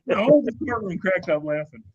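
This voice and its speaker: A man telling an anecdote in casual chat, animated and acting out the people in it. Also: high-pitched, a little fast, slightly rough, muffled recording. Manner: animated, acts out voices in anecdotes. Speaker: car show host.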